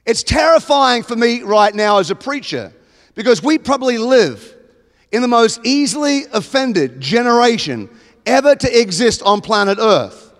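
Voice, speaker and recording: A man with an Australian accent preaching a sermon, emphatic and building to loud exclamations. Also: very high-pitched, sing-song, normal speed. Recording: long hall reverb.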